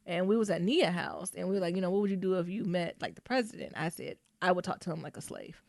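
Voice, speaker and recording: A woman's voice: on the low side, quick pace, gravelly, a little mellow, no echo, clean studio sound. A young adult woman co-hosting a podcast in casual chat, joking and acting out quotes with slang. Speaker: podcast co-host.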